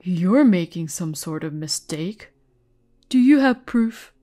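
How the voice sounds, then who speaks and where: A woman's voice: fairly low pitch, fairly even intonation, measured pace, darkish tone, lightly acted. A woman voicing a resentful adult man, a thieving older brother, in a narrated story, over faint music. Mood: defensive. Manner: defensive, bitter.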